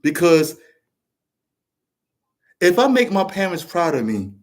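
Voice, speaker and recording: Host, man, fairly high-pitched, fired-up rant full of cursing and false starts. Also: sing-song, slow. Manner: passionate, rambling, swears a lot; restarts and repeats words. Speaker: show host. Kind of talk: casual monologue to camera.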